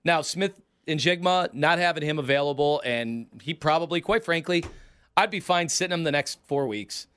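A man's voice: fairly high pitch, normal speed, fairly bright tone, clean tone. A man co-hosting a sports podcast, breaking down a game in casual chat. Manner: chatty, laughs easily, analytical. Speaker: podcast co-host.

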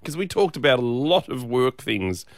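A man's voice: mid-range voice, sing-song, moderate pace, no room sound. A man with an Australian accent, co-hosting a breakfast radio show in casual banter, joking and teasing with mock-seriousness.

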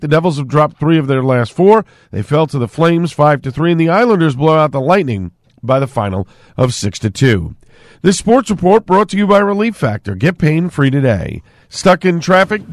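A male radio newscaster, reading local news, sports and an ad in a brisk, even way. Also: fairly high pitch, no echo, clean studio sound. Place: radio studio.

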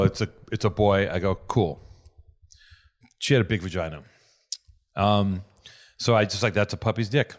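A man hosting a podcast, telling rambling, profane stories in casual chat. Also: lowish voice. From Los Angeles. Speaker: podcast host.

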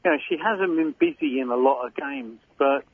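An older man with a Cockney accent talks football as a radio pundit, rambling through his points with plenty of "you know" and "uh". His voice is a little husky, and it comes through a narrow, tinny phone line. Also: a little high, normal speed. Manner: chatty, rambling analysis with fillers. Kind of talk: casual radio chat.

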